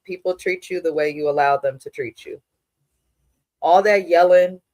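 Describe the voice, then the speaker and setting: A woman's voice: low voice, no echo. A woman co-hosting a reality TV recap who talks in a blunt, opinionated way and swears freely. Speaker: podcast co-host. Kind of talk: casual reality TV recap commentary.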